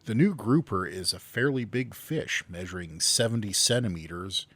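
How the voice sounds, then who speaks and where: A man's voice: lowish voice, lively intonation, normal speed, few pauses, a bit bright, no room sound. A man co-hosting a podcast, reading news stories aloud in a casual chat and stumbling over some words.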